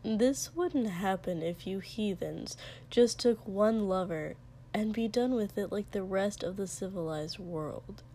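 A woman reading aloud plays a reserved young prince who answers softly and with hesitation. His slow, hushed delivery stays near her own mid-range voice. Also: mid-range voice, slight background noise, lightly acted. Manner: quiet, hesitant, understated.

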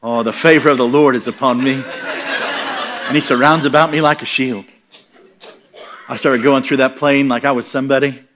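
An American man preaching in a storytelling style. His voice is bright and forceful, and he slips into animated comic voices for the people in his story. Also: mid-range voice, normal speed, pauses often, a little hiss or hum. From United States. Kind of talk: storytelling sermon.

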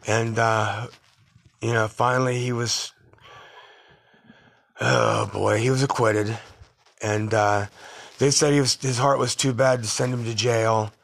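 A man's voice: mid-range voice, steady tone, slow, creaky, long pauses. A middle-aged man hosting a podcast, telling rambling, blunt stories from his youth in a casual monologue. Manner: rambling, blunt, tough-guy storytelling. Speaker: podcast host.

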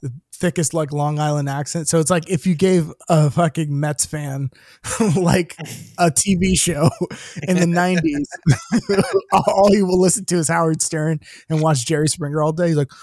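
A man with a slightly high voice tells stories in casual podcast chat, laughing often and cursing freely. He sounds close and dry, with no room around him. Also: normal speed, no echo. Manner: animated storyteller, laughs often, swears casually.

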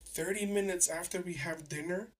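A man's voice: sits high, normal speed, recorded from a distance. Chatty young man a bit off-mic. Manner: chatty and animated, with many fillers and restarts. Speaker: podcast host. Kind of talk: casual solo podcast storytelling.

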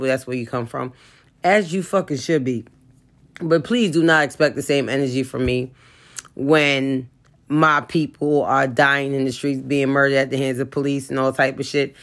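A woman ranting in a profane, comedic way, with her voice jumping high and loud in heated outbursts. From New York.

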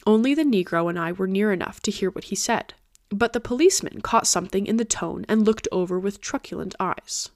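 Woman, audiobook narration, steady reading, mid pitch, dry close sound. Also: fairly quick, few pauses, no echo. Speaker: podcast host and reader.

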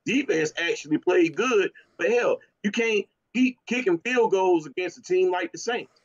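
Griping fan on a muffled line. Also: male voice, high voice, normal speed. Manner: drawling, gripes and makes excuses. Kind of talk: casual sports complaining.

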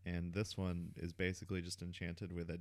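A man's voice: deep voice, completely flat delivery, a little fast, darkish tone. A man, a player in a tabletop game, chatting casually and explaining things for listeners.

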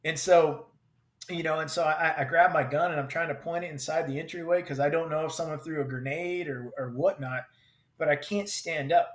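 A combat veteran telling a personal story in vivid, halting bursts with many restarts. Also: male voice, on the high side, steady tone. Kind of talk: personal story told in conversation. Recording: roomy echo.

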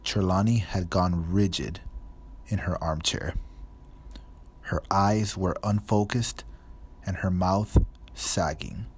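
A man narrating a storybook in a measured, even reading. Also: sits low, husky. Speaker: audiobook narrator.

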